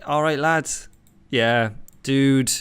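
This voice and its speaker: A young man with an Irish accent chatting casually and reacting to a quiz, self-mocking and animated. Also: medium pitch, drawn-out words, clean tone. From Ireland. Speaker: YouTuber. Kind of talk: casual vlog commentary.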